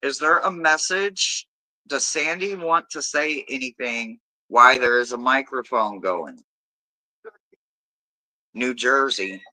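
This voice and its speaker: A man's voice: mid-range voice, takes it slowly, sharp tone, poor audio. A man hosting a live tarot stream, chatting casually and loosely with viewers, swearing freely and rambling between readings.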